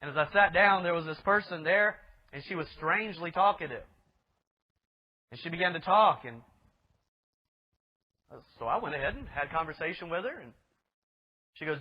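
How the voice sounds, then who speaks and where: A man's voice: on the high side, expressive, normal speed, long pauses. A male pastor preaching a sermon with emphatic delivery, asking rhetorical questions of his listeners. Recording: dull lo-fi recording.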